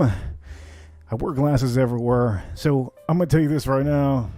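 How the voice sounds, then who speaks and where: A man hosting a whiskey cocktail livestream, chatting casually and rambling with animated asides. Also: medium pitch, normal speed, faint music behind.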